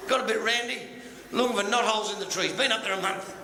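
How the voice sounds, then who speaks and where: A man telling crude jokes and comic stories in a stand-up style. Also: high-pitched. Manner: bawdy, crude, rapid-fire punchlines. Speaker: comedian. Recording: echoey hall, loud noise.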